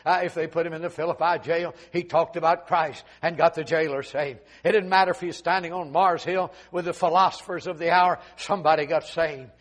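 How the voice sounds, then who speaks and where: Male preacher with a high voice, folksy storyteller who builds to fervent shouts and drops to hushed pleas. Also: steady tone, brisk, few pauses. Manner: fervent, swings from shouted peaks to low hushed appeals; casual folksy retelling with many fillers. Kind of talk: storytelling sermon.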